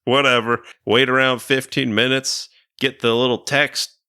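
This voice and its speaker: A man co-hosting a podcast, telling an animated, riled-up story and mimicking other people's lines with frequent laughter. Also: mid-range voice, moderate pace, clean tone, no echo, studio quality. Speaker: podcast co-host.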